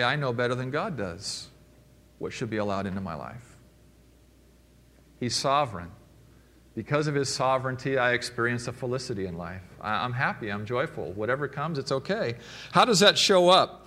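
A man preaching a sermon to his congregation, his voice high and bright. He swings between loud exclamations and hushed asides. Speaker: pastor. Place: church.

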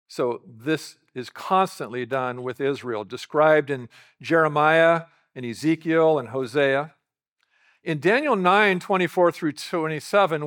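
In a conversational teaching sermon, a male pastor walks through a passage, repeatedly posing rhetorical questions to his congregation. His voice is pitched a little higher than average and sounds a bit bright.

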